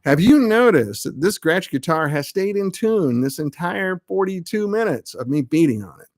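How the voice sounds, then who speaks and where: This man speaks at a normal pace in a high-sitting voice with lively intonation, and faint music plays behind him. He's a middle-aged amp builder chatting casually on his live web show, wandering off topic and poking fun at himself.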